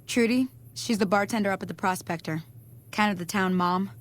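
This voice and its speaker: A woman's voice: medium pitch, brisk, close to an everyday voice. A woman voicing a folksy frontier guide. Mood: friendly. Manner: easygoing, folksy, encouraging. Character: friendly frontier woman guiding a newcomer. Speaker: video game character.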